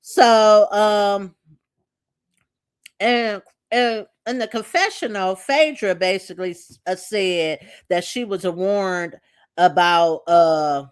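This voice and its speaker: A woman recaps a reality show episode in a loose, chatty way. She is sassy and opinionated, throws in pointed asides, and acts out the cast's lines with attitude. Her voice sits at a middle pitch. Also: takes it slowly, smooth.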